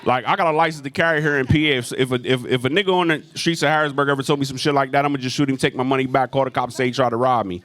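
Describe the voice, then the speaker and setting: A man's voice: mid-range voice, fairly even intonation, very fast, hardly any pauses, fairly bright tone. A man doing a stand-up comedy set in a club, telling a profane story with lots of crowd work.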